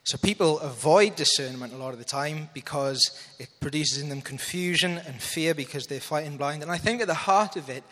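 A man's voice: fairly high pitch, brisk, hardly any pauses, a bit bright, long reverb tail. A man preaching a sermon in an earnest manner, checking that listeners follow and reading scripture aloud. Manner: earnest, asks audience to follow along.

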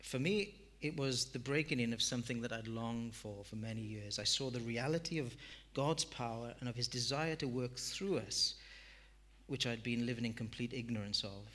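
Male pastor, mid-pitched, self-deprecating sermon storyteller. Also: moderate pace, fairly bright tone.

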